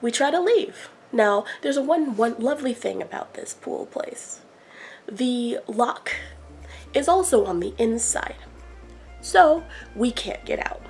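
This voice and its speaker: A woman vlogger telling an exasperated story in a casual rant, animated as she acts out what people said. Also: a little high, slow, soft background music, low-quality recording. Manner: exasperated, animated retelling with acted quotes.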